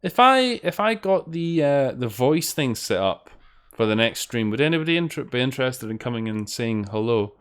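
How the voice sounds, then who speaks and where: A man's voice: mid-range voice, big pitch swings, moderate pace, few pauses, smooth. A man giving rambling, casual commentary while streaming a game, swearing now and then. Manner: rambling, chatty, swears when frustrated. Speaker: streamer playing fangames.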